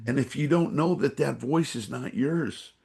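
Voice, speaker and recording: Here a San Francisco energy awareness trainer guests on a podcast, telling stories in a rambling way full of fillers and doing voices for the people in them. He has a creaky mid-range voice with a darkish tone and keeps a moderate pace.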